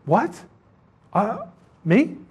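A man's voice: extremely high pitch, wildly swooping pitch, drawn-out words, a little mellow, breathy edge, pitched above the performer's own voice, exaggerated voice. A man acting out a nervous condemned male prisoner who sounds anxious and disbelieving, as part of a sermon.

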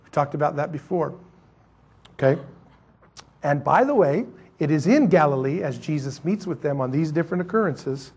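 A male pastor preaching a sermon, swinging between loud emphatic lines and quiet asides. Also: a little high, vocal fry, slightly rough.

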